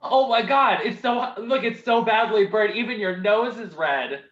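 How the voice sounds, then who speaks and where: A man's voice: high-pitched, a little slow, a bit bright, reverberant, muffled recording. A man playing a gloomy, whiny male dog in an online improv comedy scene. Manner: complaining, mopey.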